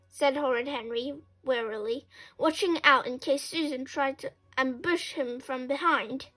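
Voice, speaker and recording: A woman reading a children's story aloud, expressive and lively, acting out sound effects. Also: high-pitched, a little slow, faint music behind.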